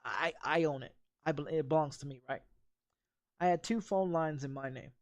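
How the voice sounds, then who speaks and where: A man's voice: a little high, normal speed, no echo. A man in his thirties, a game streamer, telling a story in a heated, profane rant full of repeats. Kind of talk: casual storytelling during a gameplay stream.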